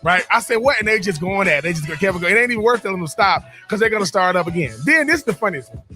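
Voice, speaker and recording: A man's voice: high voice, expressive, racing, sharp tone, faint music behind. A man, co-hosting a radio show, telling stories in a casual chat with frequent repeats and laughs. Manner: repeats words and restarts, laughs often.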